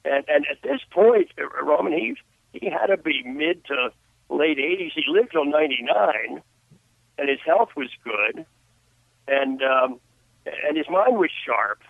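An older author on a phone interview tells stories reflectively, restarting frequently, over a tinny line with no room sound. His fairly high voice is animated and creaky, with a measured pace.

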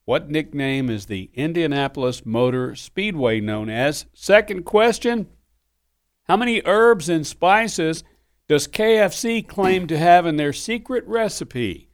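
A man co-hosting a radio show, reading trivia questions playfully and repeating each one slowly, in a studio. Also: fairly high pitch, animated. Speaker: radio co-host, quizmaster.

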